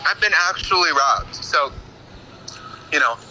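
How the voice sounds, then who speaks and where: Bright-voiced man, wry guest. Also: on the high side, lively intonation, unhurried, soft background music, rough recording. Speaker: interview guest. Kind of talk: interview.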